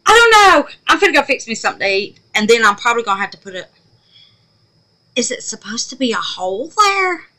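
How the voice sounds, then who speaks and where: A woman chatting to her viewers while making resin crafts, often trailing off into quiet muttered asides. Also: fairly high pitch, very animated, quick pace. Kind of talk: casual crafting vlog.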